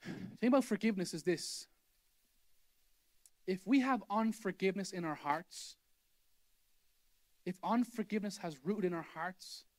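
A man with a notably high voice delivers a sermon as a pastor. He preaches with emphasis, circling back to the same phrases again and again to drive his point home. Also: a little mellow. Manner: emphatic, repeats key phrases for effect. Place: church hall.

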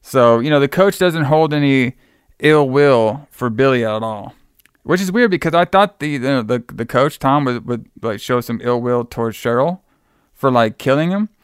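Man, casual chat, rambling film recap, filler-heavy, swears freely, mid pitch. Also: expressive, normal speed, smooth, dry recording, studio quality. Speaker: podcast co-host recapping a film.

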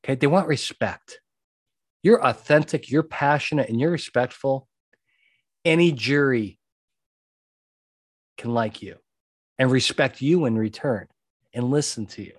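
A podcast host who works as a jury consultant gives advice in a conversational monologue, stressing and repeating his key points. His mid-range voice is unhurried, with long pauses, and the studio-quality recording has no room sound.

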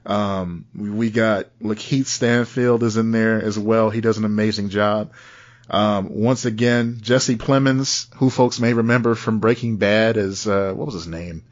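A man's voice: lowish voice, fairly even intonation, measured pace, lo-fi sound. A man co-hosting a podcast, talking in a loose, chatty way with frequent laughs and asides. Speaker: podcast co-host. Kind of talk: casual chat.

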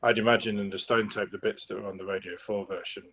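A man rambles through a casual podcast discussion, doubling back on words as he works out his point. His voice is husky and a little rough around the edges. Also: on the low side, fairly even intonation, fast, a bit bright. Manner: rambling, repeats words while thinking. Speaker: podcast co-host. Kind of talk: casual chat about a TV play.

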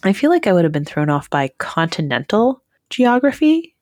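A woman's voice: mid-range voice, sing-song, moderate pace, darkish tone, no echo, clean studio sound. A woman co-hosting a podcast, recapping a quiz show in chatty conversation full of fillers and restarts. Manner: chatty, with frequent fillers and self-corrections. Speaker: podcast co-host.

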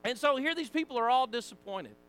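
A Southern American man leads a Sunday school Bible lesson in a casual, folksy way. His voice sits high and swings widely as he acts out the people in the story. He drops in chatty asides to the class. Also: animated, a little fast, fairly bright tone, smooth.

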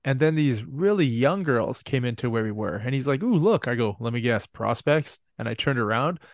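A man with a middle-pitched voice co-hosts a casual chat and laughs often as he throws in quick quips. The recording is close and dry. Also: dry recording. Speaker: podcast co-host.

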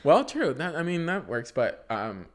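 Animated young man telling stories. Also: on the high side, moderate pace. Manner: laughs through his storytelling, animated and self-mocking. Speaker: podcast co-host. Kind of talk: casual chat.

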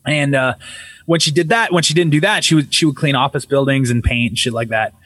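A man's voice: mid-range voice, fairly quick. A man telling a creepy personal story to a group on a call, swearing freely and acting out the voices in it. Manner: animated, swearing, acts out voices in his story. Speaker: caller telling a ghost story.

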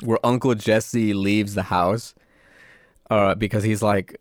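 A young man in relaxed podcast chat, his voice sitting fairly low and dry with no room sound. He tells stories in an animated way, slipping into quoted voices and stacking up fillers. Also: slow pace, no echo. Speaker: podcast co-host. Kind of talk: casual chat.

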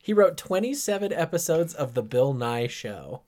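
A man's voice: fairly high pitch, big pitch swings, normal speed, a little mellow. A man co-hosting a podcast in an easygoing, wry way, reading the intro and episode details. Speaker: podcast co-host. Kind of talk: casual chat.

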